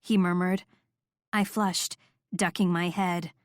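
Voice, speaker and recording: A woman's voice: lowish voice, steady tone, slow pace, dry recording, clean studio sound. Woman narrating a romance audiobook. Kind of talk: first-person romance narration.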